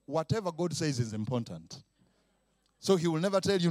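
A middle-aged man preaching a lively sermon, acting out sounds, laughing often and stretching out repeated words. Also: on the high side, no room sound, studio quality. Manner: animated, mimics sounds, laughs often, drawn-out repetitions.

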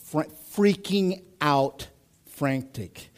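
A male pastor giving a conversational sermon, talking straight to the congregation and swinging from loud urgent peaks to quiet asides. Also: fairly high pitch, animated, moderate pace. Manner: conversational preaching, addresses congregation directly. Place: church.

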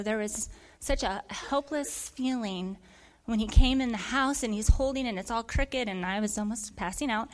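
A woman in her forties giving a candid, laughing storytelling talk to a group of mothers, acting out quoted voices. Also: a little high. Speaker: speaker at a mothers' gathering.

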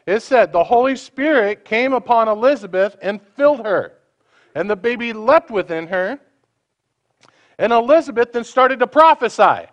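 Lively conversational man preaching a sermon. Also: extremely high pitch, normal speed, lo-fi sound. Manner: conversational, asks the listeners questions, acts out quoted voices.

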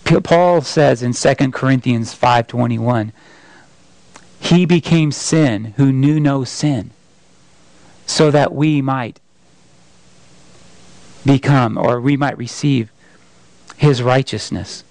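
A man's voice: medium pitch, takes it slowly, pauses often, a little mellow, no echo, low-quality recording. A man preaching a sermon in a conversational way, asking the listeners questions and acting out quoted speech. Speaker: pastor.

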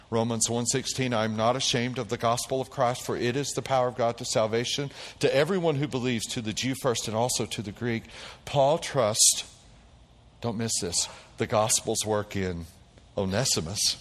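A man preaching a sermon, calling out to the congregation and swinging between quiet low passages and loud high bursts. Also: moderate pace, long reverb tail. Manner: animated preaching with call-and-response. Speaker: pastor.

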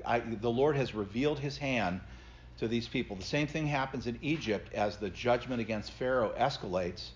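A man's voice: mid-range voice, normal speed, slight background noise. A middle-aged man, a pastor, teaching a Bible study class and explaining scripture earnestly to his group. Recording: slightly dull lo-fi recording.

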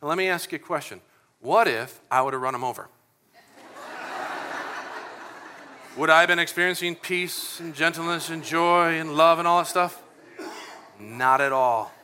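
A middle-aged male pastor preaching with an animated, conversational delivery. His voice sits a little high and rings bright and forceful. He slips into acted-out prayers and exchanges as he talks. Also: measured pace, pauses often. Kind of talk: sermon.

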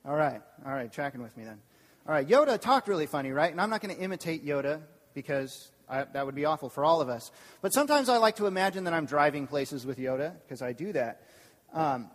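Preaching at a quick pace, a campus pastor with a fairly high voice keeps the sermon lively by asking his congregation questions. His voice rings with the long reverb of a church hall.

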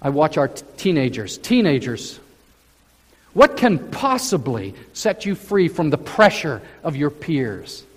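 A man preaching a sermon as pastor, speaking slowly and emphatically with drawn-out phrases. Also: fairly high pitch, sing-song. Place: church sanctuary. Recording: church hall with long reverb.

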